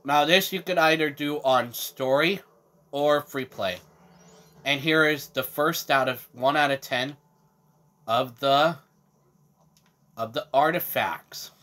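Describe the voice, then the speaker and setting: A man's voice: fairly high pitch, slow, long pauses, sharp tone. A man hosting a casual game walkthrough, chatting to viewers and checking in with them often. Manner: chatty, addresses viewers, frequent "okay?" checks. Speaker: gaming channel host.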